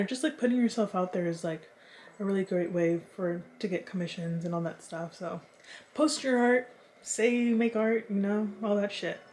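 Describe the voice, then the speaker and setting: Chatty, swearing young woman vlogger. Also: slight background noise. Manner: chatty, swears freely, animated swings in pitch. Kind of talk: casual chat to camera.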